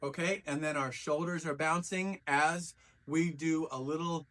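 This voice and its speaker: A man's voice: a little high, fairly even intonation, unhurried, fairly bright tone. A man teaching a dance routine step by step, counting out beats and calling sounds as he demonstrates. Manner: counts and sings out beats while demonstrating moves. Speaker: dance instructor. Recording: voice from a distance from the mic.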